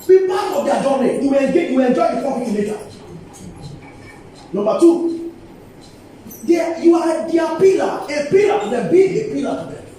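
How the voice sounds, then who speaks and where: With an extremely high pitch and a warm tone, an older Nigerian-accented man lectures emphatically to colleagues, repeating key phrases and coaxing his audience in a lively seminar. The university lecture hall sounds echoey and distant, with faint ambience and slight background noise.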